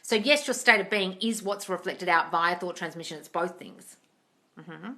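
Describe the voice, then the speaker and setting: A woman hosting a livestream Q&A from a room at home into a tablet, animated, swearing freely and calling listeners darling. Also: fairly low pitch, normal speed. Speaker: host answering viewer questions. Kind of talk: livestream Q&A chat. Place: room at home with door open.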